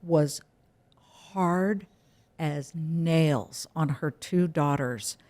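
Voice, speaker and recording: This middle-aged news anchor talks extremely slowly in a low voice. As a guest in a relaxed interview, she speaks frankly and emphatically, animating her stories.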